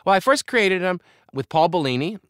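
A man in his fifties, a comedian and author, talks candidly and reflectively as an interview guest, now and then breaking into lively bursts of laughter. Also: high voice, fairly quick, clear, resonant tone, no echo, clean studio sound. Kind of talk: conversational interview.

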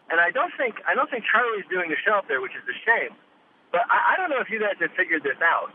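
A man hosting a radio quiz show, chatting casually and animatedly about a trip. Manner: lively and animated, jumping up in pitch. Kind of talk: casual radio interview chat. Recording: tinny phone line with faint noise.

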